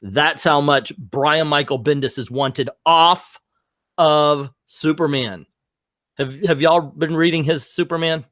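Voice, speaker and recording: A man's voice: a little high, steady tone, slow pace, a bit bright, no echo. Casual male podcast host, dry close mic. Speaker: podcast host presenting awards. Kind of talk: casual group chat.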